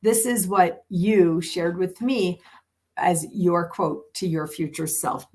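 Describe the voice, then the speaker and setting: An older woman hosting a podcast, speaking in an earnest, emphatic way and slowing down when she reads aloud. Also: lowish voice, a little mellow. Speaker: podcast host. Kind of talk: warm reflective podcast conversation.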